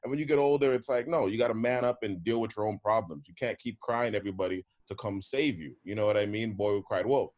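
A man's voice: fairly low pitch, fast talker, few pauses, a little mellow, highs cut off. A young adult man talking in casual chat, emphatic and repeating his points.

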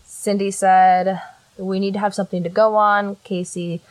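A woman's voice: mid-range voice, flat delivery, normal speed, a little mellow, dry recording. A young woman hosting a casual chat, recounting a case and reading out quotes with blunt sarcasm. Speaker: podcast host recounting a case.

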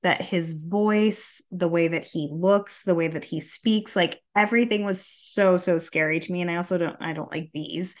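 A woman's voice: lowish voice, normal speed, hardly any pauses. A woman in her thirties co-hosting a casual podcast, talking frankly and swearing now and then. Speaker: podcast co-host.

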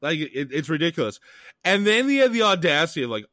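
A man's voice: fairly high pitch, big pitch swings, fast, bright, forceful tone, no room sound, clean studio sound. A man from Canada co-hosting a podcast, telling a travel story in a profane, ranting way. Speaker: podcast co-host. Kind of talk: casual chat.

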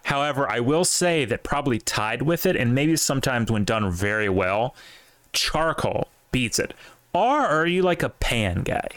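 A man co-hosting a casual podcast, talking with animated opinions and casual swearing. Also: medium pitch, moderate pace, no echo. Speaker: podcast co-host. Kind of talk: casual chat.

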